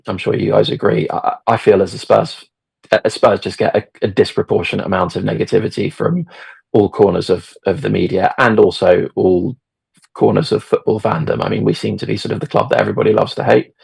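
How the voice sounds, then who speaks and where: A man's voice: lowish voice, creaky, a little mellow, breathy edge, dry recording. A middle-aged man telling a story as a podcast guest, hesitant, with many fillers and restarts. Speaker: podcast guest, football fan. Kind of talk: casual storytelling.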